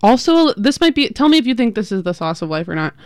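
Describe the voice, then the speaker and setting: A woman's voice: fairly high pitch, very animated, quick pace, no echo, clean studio sound. A woman co-hosting a radio show, chatting casually with lots of giggles and filler words, and reading out the station's call-in number. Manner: chatty, giggly, reads out phone number and donation link. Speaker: radio co-host. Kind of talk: casual on-air chat. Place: radio studio.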